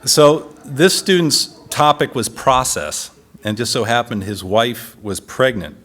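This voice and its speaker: A man giving a design lecture, telling stories in an animated way and often laughing. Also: mid-range voice, measured pace. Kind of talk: lecture with anecdotes.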